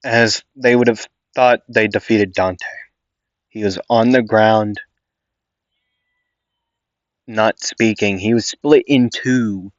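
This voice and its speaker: Brief: casual young male storyteller, low-pitched, meandering, on a muffled home mic. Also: steady tone, slow, long pauses, no echo. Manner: rambling, full of "like" and restarts. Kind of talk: casual improvised fan-story narration.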